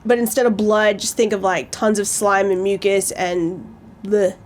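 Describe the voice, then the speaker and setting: A woman co-hosting a casual movie chat, talking quickly and filling her sentences with "like". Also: mid-range voice, flat delivery. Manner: quick, lots of "like" fillers. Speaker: podcast co-host.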